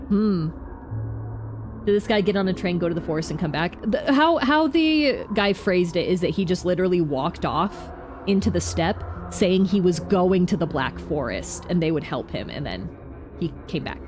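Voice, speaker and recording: A woman streamer giving casual, excitable commentary as she plays a game, thinking aloud in a chatty way. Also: lowish voice, a little slow, slight background noise.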